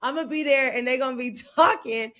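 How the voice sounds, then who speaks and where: Animated, laughing woman from Oakland. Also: high-pitched, brisk. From Oakland, California, USA. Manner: animated, laughs often, playful storytelling. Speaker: podcast guest. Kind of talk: casual interview chat.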